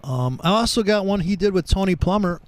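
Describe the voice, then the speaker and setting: A man's voice: high-pitched, animated, brisk, rough recording. A man hosting a casual trading chat, rambling through stories and swearing freely as he talks over charts. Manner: rambling, profane, storytelling. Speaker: trading show host.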